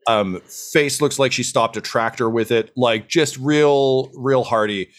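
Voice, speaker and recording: A man's voice: mid-range voice, normal speed, fairly bright tone. A man narrating a tabletop game as dungeon master, rambling with many fillers.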